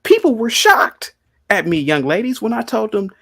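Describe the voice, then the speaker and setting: A man's voice: sits high, huge pitch swings, moderate pace, gravelly, fairly bright tone. A man hosting a heated live-stream debate, combative and repeating his questions insistently. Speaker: podcast host.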